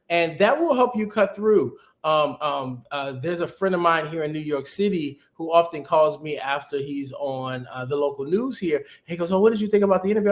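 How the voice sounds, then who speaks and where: Upbeat man giving career advice on a call. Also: on the high side. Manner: animated, conversational advice-giving. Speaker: guest, TV executive producer. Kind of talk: casual webinar interview.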